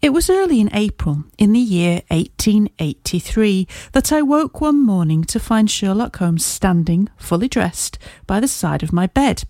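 A woman narrating a classic story as an audiobook reader, in a steady, measured storytelling manner. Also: mid-range voice, no echo. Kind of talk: scripted narration.

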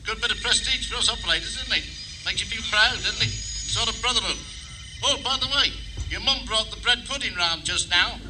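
A man's voice: high voice, brisk, noisy background, close to an everyday voice. A man playing a chatty fellow radio ham making chummy small talk over the air, in an old comedy broadcast.

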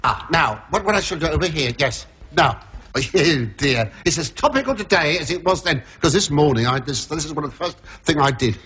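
A hoarse man doing a rambling stand-up routine, telling a story in a chatty way that keeps breaking off and restarting. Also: fairly high pitch, lively intonation, brisk, bright, forceful tone. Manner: rambling, chatty storytelling with self-interruptions and laughs. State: hoarse from laryngitis. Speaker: comedian.

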